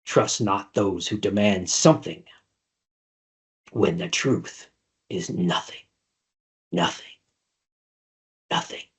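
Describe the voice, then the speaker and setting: A man voicing a possessed woman seer whose voice turns deep and unearthly, speaking slowly and ominously. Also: lively intonation, breathy edge, exaggerated voice. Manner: slow, ominous intoning. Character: possessed seeress woman, void voice.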